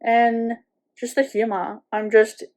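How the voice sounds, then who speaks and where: Slow-talking chatty woman book vlogger. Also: on the high side, little pitch movement, darkish tone. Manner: chatty, rambling, many "like" fillers. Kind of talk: casual reading vlog chat.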